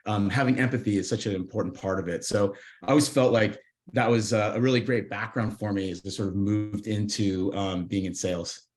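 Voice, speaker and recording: Fast-talking low-voiced man, a guest. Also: steady tone. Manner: earnest and fast, with filler repeats. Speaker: sales executive guest. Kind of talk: casual interview chat.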